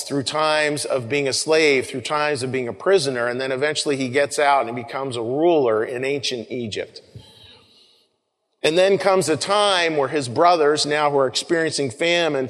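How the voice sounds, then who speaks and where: A male pastor with a fairly high, slightly bright voice gives a conversational sermon, often repeating words and calling his listeners folks. The recording carries the long reverb of a large room.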